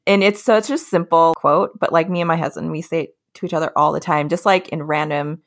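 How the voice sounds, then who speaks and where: A woman's voice: deep voice, steady tone, fairly quick, dry recording, clean studio sound. A woman in her thirties chatting as a guest, giggly and full of "like". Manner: giggly, storytelling, lots of "like". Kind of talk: casual chat.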